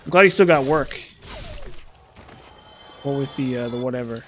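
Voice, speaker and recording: A man's voice: medium pitch, normal speed, fairly bright tone. A man giving casual gameplay commentary, rambling and thinking aloud with self-deprecating asides.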